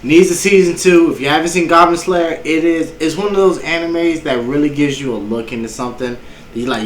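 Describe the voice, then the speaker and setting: A young man co-hosting a casual chat, telling stories with animated reenactments and heavy profanity. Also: a little high, a little fast. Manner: animated storyteller, acts out scenes with lots of profanity. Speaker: co-host. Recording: roomy echo with faint hiss.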